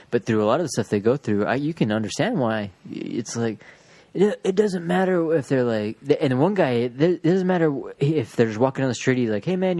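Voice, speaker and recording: Fast-talking rambling man, casual chat. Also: mid-range voice, darkish tone, no room sound. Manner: rambling, profane, acts out quoted voices.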